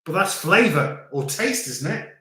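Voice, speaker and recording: A man's voice: a little high, very animated, unhurried, sharp tone, reverberant. A man from the UK casually chatting on a livestream, joking and reading out viewer comments. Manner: jokey, reads out viewer comments. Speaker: livestream host.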